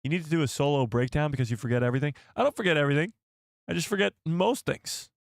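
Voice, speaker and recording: Hoarse guy streaming live, gravelly voice almost gone, dry close mic, chatting with viewers. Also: fairly high pitch, fast talker, no echo. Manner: laughing fits, excitable, chatty with viewers. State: losing his voice. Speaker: YouTube livestream host. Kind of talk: casual livestream chat.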